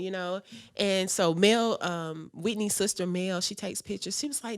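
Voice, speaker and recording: A woman's voice: medium pitch, moderate pace. Frank, laughing podcast co-host woman. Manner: frank, animated storytelling with laughter. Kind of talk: casual chat.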